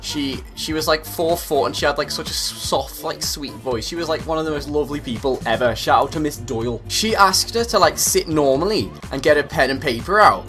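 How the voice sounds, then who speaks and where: A young British man spins a casual, foul-mouthed story for his viewers. His delivery is full of comic exaggeration. His voice sits a touch high, with faint music underneath. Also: brisk, hardly any pauses. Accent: British English. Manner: profane, animated, comedic exaggeration. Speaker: YouTuber.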